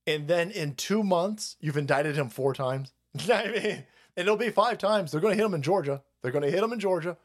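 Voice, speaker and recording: A man ranting on a live stream, swearing freely and hammering his points again and again. His voice sits a little high for a man and swings widely in pitch. He mocks and jeers as he goes. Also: animated, normal speed. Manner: heated, repetitive, mocking. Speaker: stream host. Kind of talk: profane political rant.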